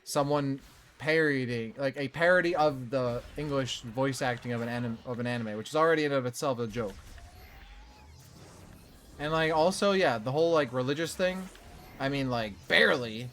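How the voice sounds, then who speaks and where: A man's voice: medium pitch, moderate pace, fairly bright tone, slight background noise. A man streaming a video game, chatting, laughing and critiquing it casually. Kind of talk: casual let's play commentary.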